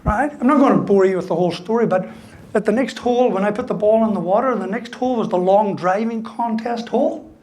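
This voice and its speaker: A man's voice: sits high, fast talker, darkish tone. Joking man in his fifties. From Ireland. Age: 50s. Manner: storytelling, punchy jokes, keeps tagging "right?". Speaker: motivational speaker. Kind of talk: humorous keynote speech.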